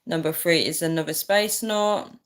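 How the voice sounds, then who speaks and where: A woman's voice: low voice, normal speed. A woman hosting a casual livestream, reading out viewer comments, tired and often breaking into fits of laughter. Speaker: livestream host.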